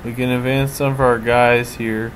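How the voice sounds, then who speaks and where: Casual let's-play commentator, male, mid-pitched, hesitant think-aloud delivery, noisy home recording. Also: little pitch movement, moderate pace. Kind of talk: casual strategy game commentary. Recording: audible background noise.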